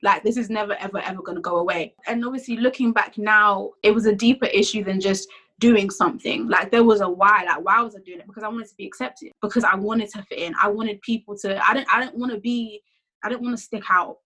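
Bright-voiced young woman sharing testimony. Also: mid-range voice, fairly even intonation, fairly quick, poor audio. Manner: candid, conversational, frequent "like". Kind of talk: personal faith testimony.

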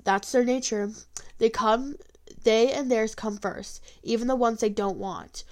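A woman's voice: a little high, fairly even intonation, unhurried, darkish tone, lightly acted. A woman reading aloud, voicing a stern, harsh-voiced old woman healer who scolds curtly. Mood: grave. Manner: scolding, curt.

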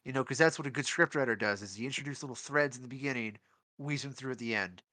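A man with a bright, forceful voice co-hosting a casual podcast. He rants with sardonic exasperation and lands his complaints with punch. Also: mid-range voice, fast talker, no room sound. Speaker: podcast co-host.

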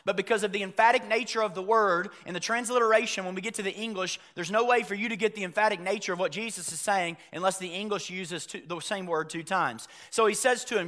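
A high-pitched male pastor delivers a conversational sermon, swinging between loud emphasis and hushed, quiet passages. He puts direct questions to the congregation.

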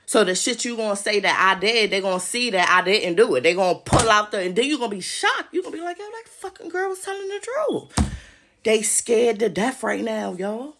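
A woman's voice: medium pitch, a bit bright, slight background noise. A woman hosting a podcast, talking in an agitated, profane monologue straight to her listeners. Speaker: podcast host. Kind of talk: casual monologue.

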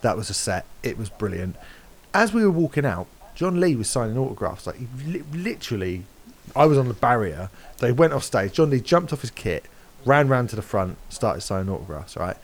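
A man's voice: mid-range voice, big pitch swings, brisk. A man in his forties chatting casually on a podcast, telling a story with lots of animation and swearing. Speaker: podcast guest. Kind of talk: casual chat.

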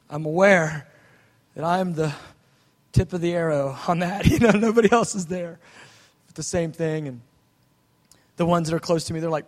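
A man preaching a sermon, telling his story with animated swings from soft asides to loud outbursts. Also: a little high. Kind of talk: sermon testimony. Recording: long hall reverb.

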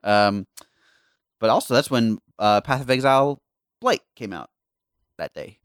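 A man's voice: medium pitch, animated, clean tone, dry recording. Joking podcast host man, dry close sound. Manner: jokey, self-deprecating, halting with restarts. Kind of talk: casual gaming podcast chat.

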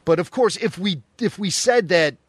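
Lively, laughing Midwestern man. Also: high voice, normal speed, breathy edge, dry recording. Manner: animated, laughing, playful teasing. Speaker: podcast co-host. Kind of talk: casual podcast chat.

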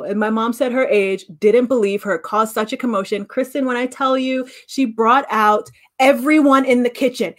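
A high-voiced woman talking at normal speed, she's in her late thirties and co-hosts a podcast. Her casual storytelling is animated, complete with performed voices for the people she quotes.

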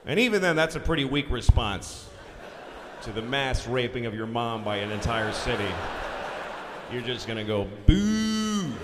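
A man's voice: medium pitch, moderate pace, very noisy. Profane ranting comic in his forties. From Boston. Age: 40s. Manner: ranting, profane, deadpan asides. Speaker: stand-up comedian. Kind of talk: live stand-up comedy. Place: large concert hall stage. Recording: live hall recording with long reverb and faint ambience.

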